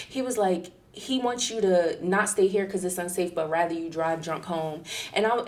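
A young woman telling a casual story in an animated, profane way, acting out the people she quotes. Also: moderate pace, hardly any pauses. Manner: acts out quoted people in a higher, louder voice.

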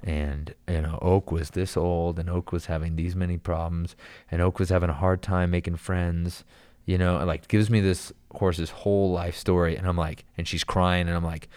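A man telling a long story in casual chat, animated and rambling, full of "dude" and "like". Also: sits low, moderate pace.

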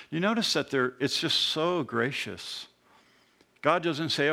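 Bright-voiced man preaching conversationally. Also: fairly high pitch, measured pace, gravelly. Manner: conversational preaching with animated asides. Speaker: pastor. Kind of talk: sermon.

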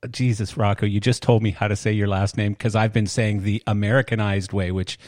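Older man, low voice. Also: little pitch movement, brisk, a little mellow, no room sound, studio quality. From Canada. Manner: rambling, self-deprecating, chatty. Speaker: podcast host. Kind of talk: casual podcast chat.

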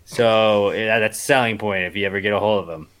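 A man co-hosting a podcast, chatting casually and ranting in an animated, slangy way. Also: fairly low pitch, fairly quick, clear, resonant tone. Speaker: podcast co-host. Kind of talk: casual chat.

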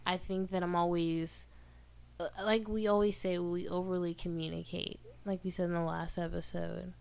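A woman co-hosting a casual podcast with her husband, candid and quick to laugh. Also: fairly low pitch, flat delivery, creaky, a little mellow, clean tone. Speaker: podcast co-host. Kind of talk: casual chat.

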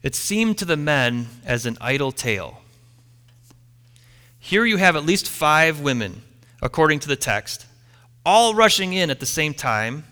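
A man preaching a sermon, retelling a story with dramatic pauses and letting line ends fall quiet. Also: a little high, clean tone, in a large hall. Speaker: pastor.

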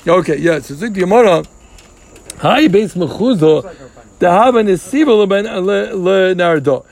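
A man's voice: sits high, expressive, moderate pace, creaky, a little mellow. A man teaching a casual Talmud class in English, explaining step by step, mixing in Hebrew and Aramaic terms and joking asides with his students.

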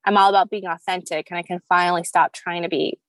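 A woman's voice: fairly low pitch, steady tone, fast talker, a bit bright, no echo. Young woman w valley girl talk, likes and you knows everywhere, dry close mic. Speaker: guest, skincare founder. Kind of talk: casual podcast interview.

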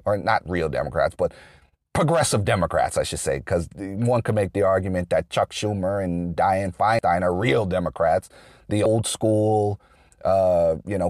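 A man's voice: sits low, lively intonation, normal speed, darkish tone, no room sound, clean studio sound. A man giving an unscripted political monologue, rambling and restarting often with lots of fillers. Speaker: political commentator.

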